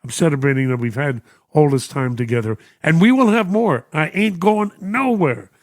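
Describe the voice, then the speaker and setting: A man's voice: fairly high pitch, expressive, moderate pace, dry recording. Veteran New York radio host, older man, fond and emotional, reads fan notes on a dry studio mic. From United States. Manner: warm, emotional, chuckling often. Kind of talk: radio show reading listener messages. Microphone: studio microphone.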